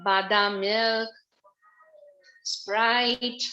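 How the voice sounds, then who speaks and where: A woman teaches a religious class over a video call. Her voice sits a little high and sounds bright and clear. She talks at an unhurried pace, repeating her phrases as she patiently explains. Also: steady tone, highs cut off, soft background music. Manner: slow, repetitive, patient explaining. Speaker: spiritual teacher.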